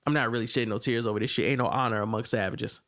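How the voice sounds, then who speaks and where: A man's voice: mid-range voice, very fast. Laid-back man recapping a TV episode. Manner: animated retelling, acts out characters' lines in a raised voice. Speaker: podcast co-host reviewing a TV episode. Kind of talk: casual chat, recapping scenes.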